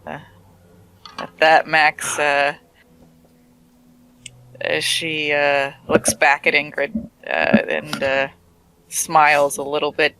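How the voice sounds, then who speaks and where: A player describes their character's actions in a tabletop game with many hesitant fillers. The voice is bright and slow. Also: mid-range voice, monotone, clear, resonant tone, rough recording.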